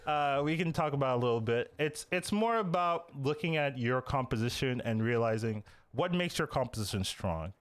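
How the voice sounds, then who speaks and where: Animated man hosting a podcast. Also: medium pitch, no room sound. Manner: animated, lots of "you know" and "right?". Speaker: podcast host. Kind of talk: casual game-strategy podcast chat.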